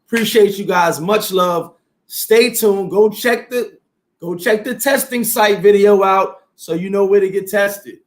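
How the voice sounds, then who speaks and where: A man hosting a casual talk show, speaking in a lively, preachy motivational way. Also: high voice, measured pace. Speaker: host. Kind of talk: casual chat.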